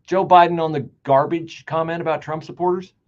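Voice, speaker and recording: A man hosting a political talk show, delivering an animated, sarcastic and emphatic monologue. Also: a little high, brisk. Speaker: radio talk show host. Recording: dull lo-fi sound.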